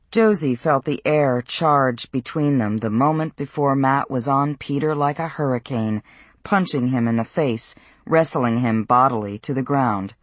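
Measured audiobook narrator, dry sound. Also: male voice, medium pitch, no room sound.

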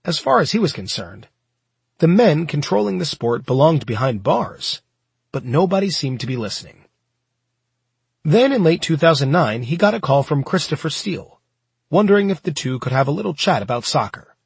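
Breathy-voiced man narrating nonfiction. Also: on the high side, sing-song, normal speed, no room sound. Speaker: audiobook narrator. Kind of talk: scripted nonfiction audiobook narration.

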